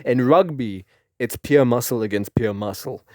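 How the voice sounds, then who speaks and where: A young man from Africa, telling a rambling, animated story and laughing often. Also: mid-range voice, moderate pace, no room sound, clean studio sound. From South Africa. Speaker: vlogger. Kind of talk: casual storytelling.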